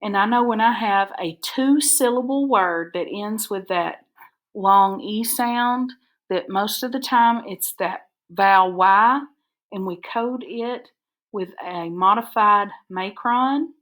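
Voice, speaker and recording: A woman teacher, dictating spelling words and breaking them into syllables slowly and carefully for a recorded lesson. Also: mid-range voice, a bit bright. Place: recorded for an online video lesson.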